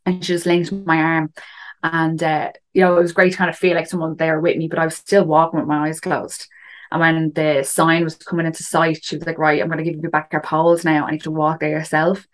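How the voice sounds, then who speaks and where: Woman, low steady voice, rambling chatty story with lots of "do you know". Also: a little fast. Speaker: guest recounting a climb. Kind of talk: casual chat.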